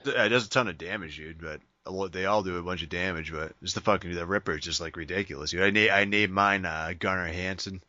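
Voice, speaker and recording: A man's voice: sits low, fast talker, few pauses, pushed and bright, no echo. A man chatting casually about video games, profane and ranting, saying "dude" constantly. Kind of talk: casual gaming chat. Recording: dull, dry lo-fi sound.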